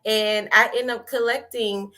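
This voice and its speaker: A woman giving a testimony, telling her story in a lively way, acting out her own past words and laughing often. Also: a little high, measured pace. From American South. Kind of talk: animated personal storytelling.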